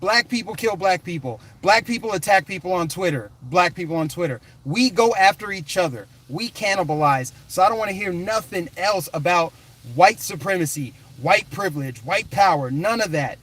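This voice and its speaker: A man from the United States rants on a political vlog, hammering points in punchy, repeated bursts. His voice sits high for a man. The delivery stays combative and emphatic throughout. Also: animated, normal speed, a bit bright. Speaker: political commentary vlogger. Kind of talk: fired-up ranting commentary.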